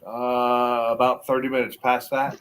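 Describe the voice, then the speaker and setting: A middle-aged man with a mixed American accent, chatting casually as a guest on a livestream and rambling with halting restarts. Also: medium pitch, level tone, a bit bright, rough recording. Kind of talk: casual chat.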